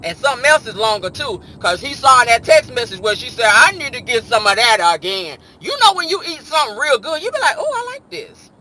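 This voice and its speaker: A man hosting a casual gossip commentary show, sassy and animated, slipping into mock voices to act out the stories. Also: very high voice, fast talker, hardly any pauses. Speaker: host.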